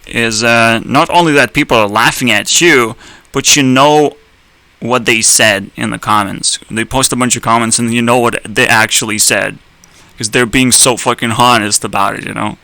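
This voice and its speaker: A man's voice: mid-range voice, moderate pace, pushed and bright, no room sound, poor audio. A young man ranting in a blunt, sarcastic way, swearing often and laughing at his own jokes. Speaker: streamer. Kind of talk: profane ranting commentary.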